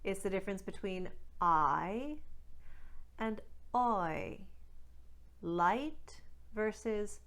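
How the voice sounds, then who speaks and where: Woman, accent coach, unhurried instructional delivery, carefully modeled vowels, mid-pitched voice. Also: expressive, a bit bright. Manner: demonstrates sounds slowly and deliberately.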